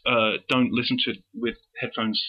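Male podcast co-host, playful and halting, muffled dull sound. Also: medium pitch, level tone. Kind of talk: casual chat.

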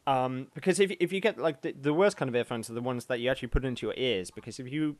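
A man co-hosting a podcast in casual chat, with dry deadpan jokes. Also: mid-range voice, quick pace, dry recording. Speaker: podcast co-host.

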